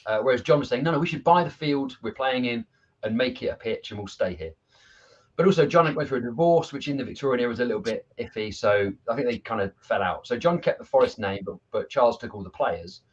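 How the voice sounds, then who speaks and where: A man's voice: medium pitch, fast talker, lo-fi sound. A man, a football coach, telling stories in a casual video chat. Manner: animated storyteller, laughs at his own anecdotes.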